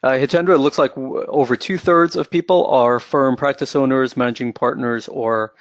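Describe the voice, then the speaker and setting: A man's voice: mid-range voice, fairly even intonation, moderate pace, no echo. A man moderating a webinar, giving friendly, step-by-step instructions for a poll. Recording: dry, dull lo-fi webinar audio.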